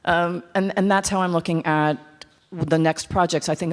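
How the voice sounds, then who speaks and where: A woman in her fifties, a composer teaching a master class to a live audience, animated, candid and self-mocking. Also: lowish voice, moderate pace. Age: 50s. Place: large hall with audience. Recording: echoey hall with instrument.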